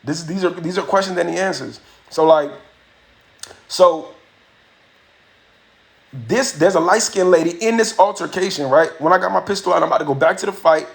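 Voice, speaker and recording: A man hosting a livestream tells a story casually and animatedly, packed with profanity and acted-out quotes. His high voice moves at a moderate pace with vocal fry and long pauses, picked up by a phone or webcam mic.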